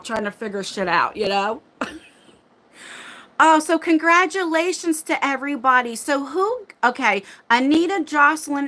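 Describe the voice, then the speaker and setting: A woman hosting a casual livestream chat from her phone, flustered and chatty as she thinks out loud. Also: high-pitched. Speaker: livestream host. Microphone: phone mic.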